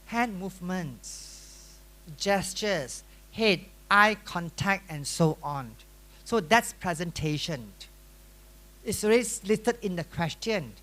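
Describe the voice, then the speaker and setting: A middle-aged man teaches a workshop room in Malaysian-accented English. He asks question after question and teases his students. His voice is bright and forceful. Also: high-pitched, slow pace. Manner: lively, questioning, teasing. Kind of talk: classroom lecture.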